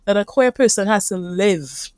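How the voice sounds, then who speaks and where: A woman's voice: medium pitch, lively intonation, moderate pace, darkish tone, clear, resonant tone, dry recording, clean studio sound. Earnest Caribbean-accented woman therapist. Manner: earnest, reflective, speaks from feeling. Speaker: couples therapist, guest. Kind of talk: conversational interview.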